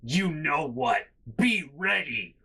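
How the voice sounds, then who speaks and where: A man voicing an exasperated, short-tempered mother who bursts into shrill shouts. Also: racing, natural voice. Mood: bossy.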